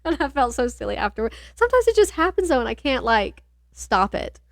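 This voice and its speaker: Woman, podcast co-host, casual chat, frequent laughter, fairly high pitch, dry sound. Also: very animated, a little fast, vocal fry, dry recording. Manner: chatty, laughs often, rambling.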